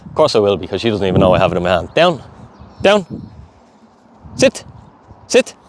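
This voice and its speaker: A man's voice: low voice, big pitch swings, normal speed. A man dog trainer giving commands, cheerful praise and running explanations during a live training session outdoors. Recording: outdoor background noise.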